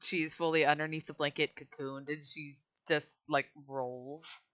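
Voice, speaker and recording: A woman's voice: deep voice, little pitch movement, unhurried, fairly bright tone, no echo, muffled recording. A woman narrating a tabletop game as game master, casual and laughing often.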